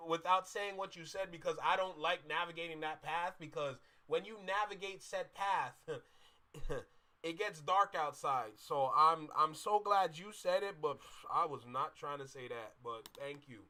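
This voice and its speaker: A man hosting a reaction channel, reacting casually and swinging between loud outbursts and low muttering. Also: a little slow.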